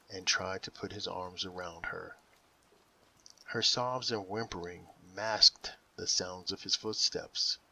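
A man narrating an original audiobook in a slow, deliberate dramatic reading style. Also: deep voice, gravelly, pushed and bright, slightly rough, distant mic, poor audio.

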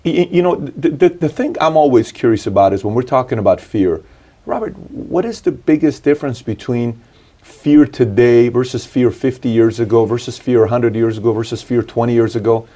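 A man's voice: medium pitch, fairly quick, warm tone. A man interviewing a guest, asking curious, rambling questions and affirming his answers.

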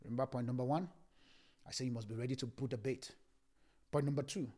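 Male preacher swinging between whisper and shout. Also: medium pitch, fairly quick, pauses often. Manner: swings from hushed whispers to loud shouts, repetitive. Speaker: pastor. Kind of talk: sermon.

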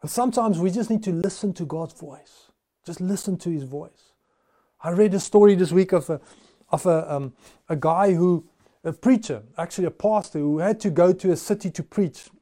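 High, mellow-voiced male pastor preaching. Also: moderate pace. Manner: conversational storytelling preaching with frequent restarts. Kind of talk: sermon.

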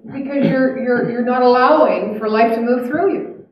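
A woman's voice: on the high side, normal speed, lo-fi sound, slight background noise. Woman, spiritual talk, earnest, chatty, reflective, very echoey hall, distant mic. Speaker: spiritual speaker. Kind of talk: spiritual talk to a live audience.

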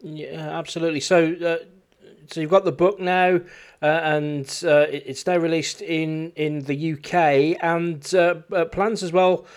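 A man's voice: on the high side, steady tone, measured pace, clean tone. A man hosting a local radio show, interviewing a guest with many fillers and restarts, then reading the news.

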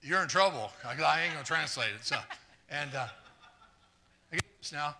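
A man preaching a live sermon, earnest and stumbling over repeated words, trading jokes with the congregation and swinging from quiet asides to fired-up exclamations. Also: on the high side, expressive, moderate pace, gravelly, crowd noise. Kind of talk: live sermon with audience volunteers.

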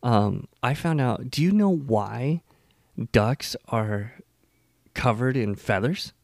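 A man co-hosting a casual podcast chat, easygoing and quick to laugh at his own jokes. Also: mid-range voice, lively intonation, gravelly, darkish tone, no echo, clean studio sound. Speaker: podcast co-host.

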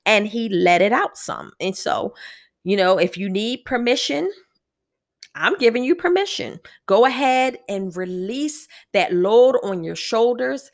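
A woman's voice: medium pitch, expressive, unhurried, gravelly. A woman hosting a devotional podcast, reading Bible verses aloud and reflecting on them earnestly. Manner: earnest, reads scripture aloud then reflects. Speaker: podcast host.

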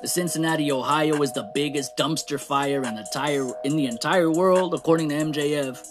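A man with a somewhat high voice rants through a wrestling recap. His delivery is animated, he swears freely and laughs as he goes. Faint music plays under him. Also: fairly quick. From Latino. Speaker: wrestling show reviewer. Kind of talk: casual recap rant.

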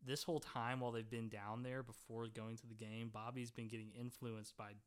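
A man's voice: medium pitch, brisk, smooth. A man co-hosting a podcast, chatting casually and animatedly and laughing often. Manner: animated, laughs often, quotes lines in voices. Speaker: podcast co-host. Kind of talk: casual chat.

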